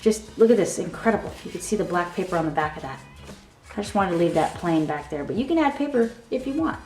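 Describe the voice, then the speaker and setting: A woman hosting a craft tutorial, walking through her handmade album with excited, gushing talk and a frequent "okay?". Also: on the low side, fast talker. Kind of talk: enthusiastic product walkthrough. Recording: echoey room with soft background music.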